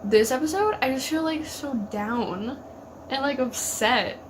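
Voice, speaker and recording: A woman's voice: sits high, measured pace, slight background noise. A young woman chatting emotionally about a TV episode, filling her talk with "like" and talking back at the screen. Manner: gushing, filler-heavy, talks back at the screen. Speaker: TV reaction vlogger. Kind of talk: casual emotional reaction chat.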